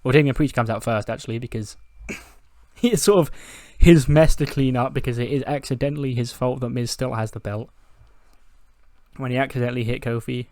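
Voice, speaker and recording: A man's voice: medium pitch, normal speed, darkish tone, no echo. Brief: casual male let's-play commentator, chatty, self-amused, dry mic. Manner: chatty, laughs at himself, reads out scores. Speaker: game commentator.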